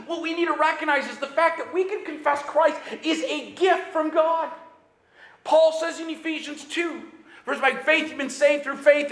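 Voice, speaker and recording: A man preaching a sermon in an animated way, sometimes raising his voice and acting out quick bits of dialogue. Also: very high voice, reverberant. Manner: animated preaching with bursts of shouting; acts out dialogue in quick asides. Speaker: pastor.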